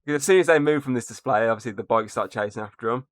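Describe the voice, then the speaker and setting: A man's voice: medium pitch, very fast, no room sound. A man hosting a casual film-review podcast, recapping the plot and leaning on "obviously" and "uh" as he goes. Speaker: podcast host.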